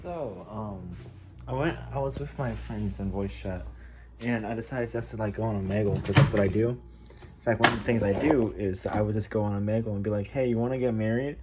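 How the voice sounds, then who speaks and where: A tired young man talking in a casual diary vlog, halting and full of fillers and restarts. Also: on the low side, heavy background noise. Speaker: vlogger.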